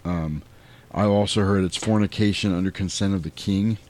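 A man's voice: low-pitched, normal speed. A man co-hosting a podcast, casually recapping a film scene by scene and acting out the lines with some swearing. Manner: animated retelling, acting out quotes, swearing. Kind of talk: casual chat.

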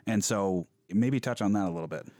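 A man's voice: fairly low pitch, a little fast, warm tone, no room sound, clean studio sound. A man co-hosting a podcast interview, asking loosely phrased, probing questions.

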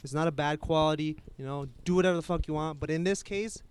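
A man's voice: on the high side, fast talker, smooth. A young man telling a story in casual chat, profane and rambling, with a lot of filler and restarts.

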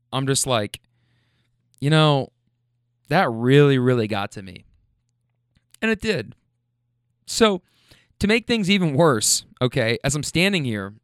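A man's voice: medium pitch, clear, resonant tone, no echo, studio quality. A young man ranting in a profane, self-deprecating casual monologue. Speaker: storyteller.

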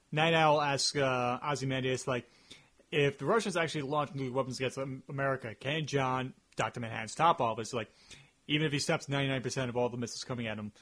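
A male podcast co-host with a medium-pitched, slightly bright voice talks on a casual review show. He rambles in long stretches, leaning heavily on "like" as a filler.

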